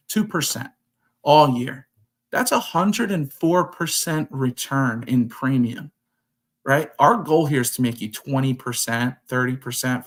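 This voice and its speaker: A man hosting a trading talk show, explaining casually and acting out his talks with clients. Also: mid-range voice. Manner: animated, acts out quoted conversations. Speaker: show host.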